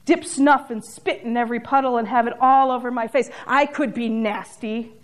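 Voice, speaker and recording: A woman's voice: fairly high pitch, steady tone, moderate pace, close to an everyday voice. Woman doing a furious, self-righteous farm wife. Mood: indignant. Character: proud indignant older Southern farm woman.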